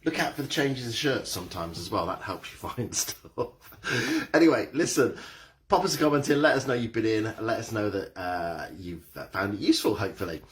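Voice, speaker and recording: A man's voice: fairly low pitch, expressive, fairly quick. A middle-aged man, leading a live-streamed exercise class and cheerily greeting viewers by name. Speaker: fitness instructor.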